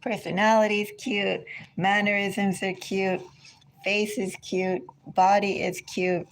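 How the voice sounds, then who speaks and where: A woman giving a casual tarot reading from home, chatty and unhurried, drifting into side remarks. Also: mid-range voice, little pitch movement, slight background noise. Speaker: tarot reader. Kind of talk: casual spiritual reading chat.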